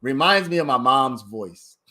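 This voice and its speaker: A man's voice: mid-range voice, expressive, measured pace, sharp tone. A man hosting a casual livestream, giving his commentary in a chatty way and talking straight to his viewers. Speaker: livestream host commenting on a trial.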